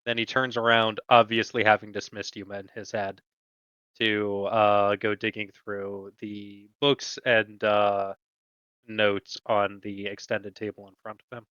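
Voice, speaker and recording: A man narrating a tabletop game as game master, slow and halting with many fillers. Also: lowish voice, level tone, bright, forceful tone, clear, resonant tone, no echo, muffled recording.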